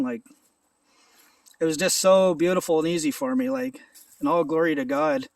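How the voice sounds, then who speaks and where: Gravelly man, earnest rambling testimony. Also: a little high, big pitch swings, moderate pace, pauses often, dry recording, far from the mic. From Ontario, Canada. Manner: earnest, rambling, repeats words. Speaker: believer sharing a testimony. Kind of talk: casual spoken testimony. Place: outdoors at a rural house. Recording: voice off from the mic.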